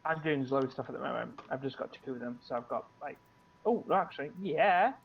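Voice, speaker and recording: A man's voice: medium pitch, lively intonation, fairly quick, creaky. A man chatting casually with a friend over voice chat while gaming. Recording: dull lo-fi voice chat with faint noise.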